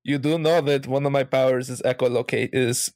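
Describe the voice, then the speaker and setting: A man's voice: medium pitch, fairly even intonation, a little fast, darkish tone, dry recording. A man playing a tabletop game, making dry, wry remarks. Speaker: player. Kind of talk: tabletop role-play.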